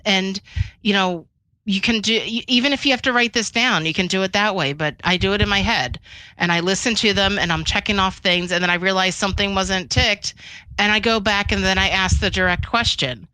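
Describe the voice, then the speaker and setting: A woman cybersecurity expert being interviewed, chatting casually in a storytelling way, with lots of "you know" and quick restarts. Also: medium pitch, pushed and bright, no room sound, rough recording. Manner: chatty, frequent fillers and restarts, laughs between points.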